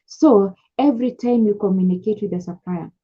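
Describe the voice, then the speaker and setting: A woman's voice: mid-range voice, fairly quick, warm tone, highs cut off. A young Kenyan woman who coaches beginners in importing, chatting casually to the camera, repeating key points and slipping between English and Swahili. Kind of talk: casual advice talk to camera.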